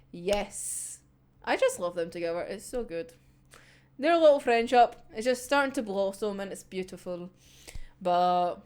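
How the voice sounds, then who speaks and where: A high, lively young woman gushing over an episode in a casual chat. She laughs often, swears freely and bounces into the characters' voices. Her pitch leaps around constantly. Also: clear, resonant tone. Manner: giggly, swears freely, acts out characters' lines. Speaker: anime reviewer.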